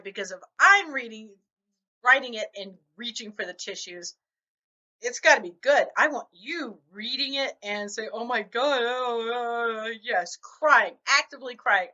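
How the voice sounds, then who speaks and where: A middle-aged woman vlogging about her writing, telling stories animatedly and acting out other people's reactions. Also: fairly high pitch. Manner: animated storytelling, acts out quoted reactions. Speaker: novelist vlogger. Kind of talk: casual talk to camera. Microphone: camera mic. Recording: dull lo-fi camera audio.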